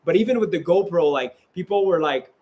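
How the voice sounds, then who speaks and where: A man who is a travel vlogger, chatting casually in a bubbly, animated way with many fillers. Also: sits high, fairly quick. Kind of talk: casual chat.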